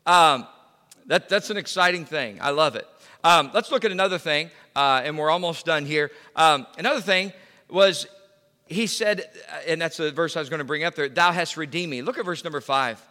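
A man's voice: fairly high pitch, animated, normal speed, bright, forceful tone, long reverb tail. A male pastor preaching a sermon in a conversational way, full of fillers and restarts. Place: church sanctuary.

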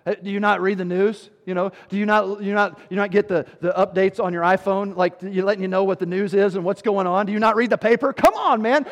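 Pastor playing a sassy, fed-up disciple, high and loud, booming in a big church hall. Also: male voice, natural voice. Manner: incredulous, slangy, talking down. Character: exasperated disciple man with attitude.

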